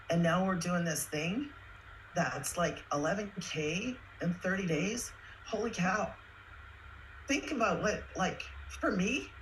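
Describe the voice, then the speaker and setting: A woman's voice: lowish voice, fairly bright tone, slight background noise, rough recording. A woman who is a single mother telling her personal story with earnest emotion, chatty and at times close to tears. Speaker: guest sharing her story.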